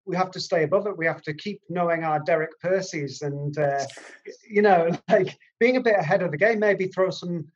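A man's voice: sits high, moderate pace, slight background noise. A man, a crime writer, chatting on a podcast in a hesitant, rambling way. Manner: rambling, hesitant, full of fillers. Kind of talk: casual podcast chat. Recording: dull lo-fi sound.

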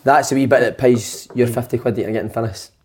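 A man's voice: medium pitch, fast talker, a crowd in the background. A Scottish man hosting a football podcast, teasing his guests in casual chat. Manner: teasing, banterish. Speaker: podcast host.

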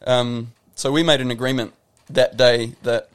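A man's voice: medium pitch, level tone, unhurried. A man in his thirties from New Zealand with a New Zealand accent, a podcast guest telling stories in a reflective, casual way. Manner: reflective storytelling, lots of "like" and restarts. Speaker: guest, professional tennis player.

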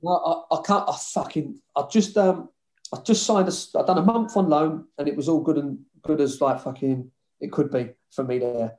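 At a moderate pace and with a voice on the high side, a former footballer relaxes into an interview, swearing and performing past conversations as he tells his stories.

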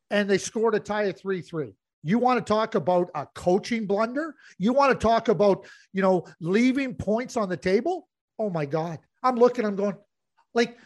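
A man's voice: high-pitched, a bit bright. A man hosting a sports talk show, blunt and emphatic, repeating himself for effect. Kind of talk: heated hockey talk.

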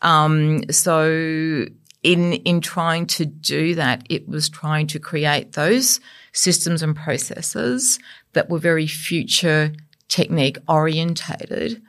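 A woman guest on a podcast panel, describing her work in a halting way and repeating words as she lists points. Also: deep voice, steady tone.

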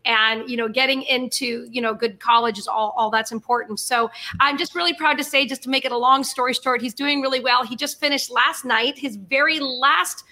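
A woman's voice: high voice, fairly even intonation, moderate pace, few pauses, sharp tone. A middle-aged woman co-host chatting proudly in a casual podcast conversation. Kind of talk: casual faith podcast chat.

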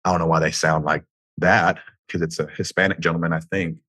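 A man's voice: deep voice, level tone, a little fast, fairly bright tone, no room sound. A man with a slight Southern American twang, hosting a solo podcast and rambling profanely, joking at his own expense and drifting into tangents. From United States. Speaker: podcast host. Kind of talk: casual solo podcast monologue. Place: home room.

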